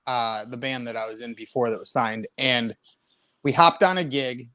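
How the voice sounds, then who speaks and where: A man's voice: mid-range voice, moderate pace, sharp tone, dry recording. A man who plays in a band, a guest on a casual video call, telling stories in a wry, incredulous way. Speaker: guest musician. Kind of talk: casual chat.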